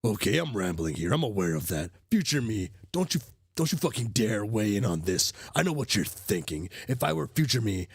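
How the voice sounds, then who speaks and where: Sick and coughing, a streamer reads a webcomic during a casual livestream, rambling with restarts, fillers, and casual swearing. His on-the-low-side voice is sing-song, a little fast, and gravelly with a breathy edge, captured in clean studio sound with no room echo.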